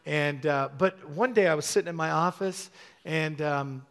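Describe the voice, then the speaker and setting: A middle-aged man preaching to his congregation with an animated, call-and-response delivery. His voice sits a little high for a man, and he tells stories full of fillers and restarts. He keeps urging the crowd to say words back to him. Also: normal speed. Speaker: pastor.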